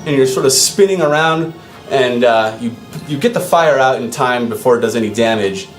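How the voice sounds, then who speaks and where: A man's voice: mid-range voice, animated, normal speed. A man runs a tabletop game as dungeon master, telling the scene in a loose, rambling way that doubles back on itself. He sits in a roomy, echoey space. Faint music plays underneath him. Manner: loose, rambling narration with restarts.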